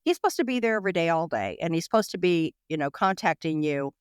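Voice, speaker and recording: Woman interview guest, mid-pitched, rapid and emotional, lots of restarts, dry close recording. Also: animated, clear, resonant tone, no room sound. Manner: rapid, emotional, full of restarts and "you know". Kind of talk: candid interview recollection.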